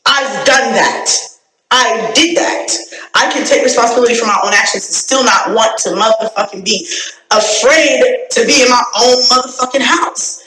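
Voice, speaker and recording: A woman's voice: fairly high pitch, normal speed, pushed and bright, soft background music. A woman YouTuber venting in an angry, profane rant, repeating herself and sounding completely fed up. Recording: roomy echo.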